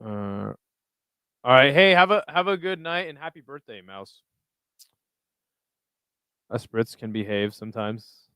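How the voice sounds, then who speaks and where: A man's voice: mid-range voice, lively intonation, unhurried, pauses often, sharp tone, smooth, dry recording. A young man hosting a live stream, chatting casually and reading viewer comments aloud in a loose, profane, rambling way. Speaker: livestream host reading chat.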